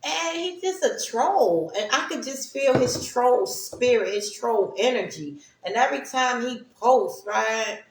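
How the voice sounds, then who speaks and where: Woman streamer, unhurried and rambling, slightly high voice, echoey room. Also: animated. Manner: rambling, keeps asking "right?". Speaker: spiritual talk streamer. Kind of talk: casual spiritual monologue.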